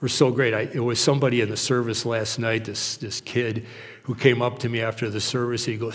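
A man's voice: medium pitch, level tone, brisk, in a large hall. A male pastor preaching a conversational sermon, telling stories and acting out what people say. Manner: conversational and anecdotal, acting out quotes.

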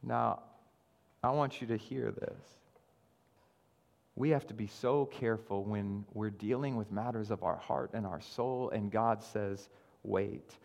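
A man preaching a sermon as pastor, earnest, often repeating words and swinging between loud emphasis and quiet asides. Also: lowish voice, a little slow, creaky, in a large hall.

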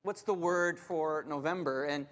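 A man's voice: fairly high pitch, measured pace, a bit bright, big-room sound. A middle-aged man, preaching a sermon and telling candid, self-deprecating stories with many restarts. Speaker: pastor. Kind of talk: sermon with personal storytelling.

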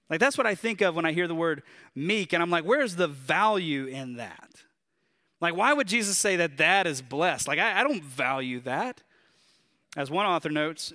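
A man with a Southern drawl preaching a sermon in a conversational, animated way, asking his listeners questions. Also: on the high side. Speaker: pastor.

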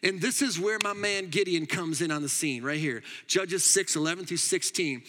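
Bright, animated male pastor. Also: fairly high pitch, moderate pace, few pauses, long reverb tail. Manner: animated and emphatic, with frequent laughs. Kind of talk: sermon.

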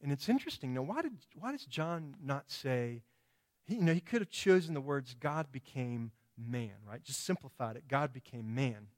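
A man's voice: mid-range voice, lively intonation, moderate pace. A man preaching a sermon, emphatic, with many rhetorical questions and quoted voices.

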